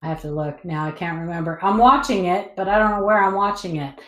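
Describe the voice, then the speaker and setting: A woman with a fairly low voice chats on a casual panel stream. She thinks out loud and throws in curious questions. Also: fast. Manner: chatty, thinks aloud, asks questions. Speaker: co-host on a panel. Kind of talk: casual chat.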